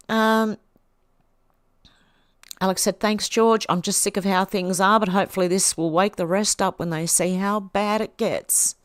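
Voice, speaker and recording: A woman's voice: medium pitch, expressive, slow, pauses often, no room sound, clean studio sound. A middle-aged Australian woman hosting a livestream, casually reading viewers' comments aloud and answering them with small laughs. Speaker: livestream host.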